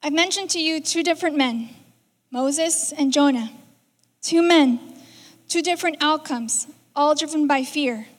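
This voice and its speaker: High-voiced woman preaching in a hall. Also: a little slow. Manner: conversational, acts out quoted lines. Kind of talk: sermon. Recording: reverberant hall.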